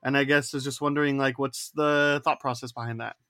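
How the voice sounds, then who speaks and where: A man's voice: medium pitch, fairly even intonation, brisk, fairly bright tone, no room sound, studio quality. A man hosting a podcast in casual chat, asking hesitant, rambling questions full of fillers. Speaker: podcast host.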